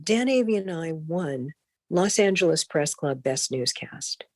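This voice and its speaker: A middle-aged woman with a fairly low voice tells stories from her radio career to a podcast host. She talks with animated energy and slips into the voices of the people she quotes. The recording is dry and close, with no room sound. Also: unhurried, no room sound. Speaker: broadcast consultant, interview guest. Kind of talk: storytelling in a podcast interview.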